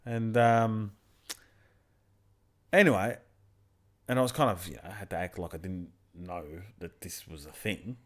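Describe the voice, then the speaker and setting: A man's voice: lowish voice, measured pace, long pauses. A young man on a podcast, animatedly retelling a work story in casual, crude slang. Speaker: podcast co-host. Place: backyard.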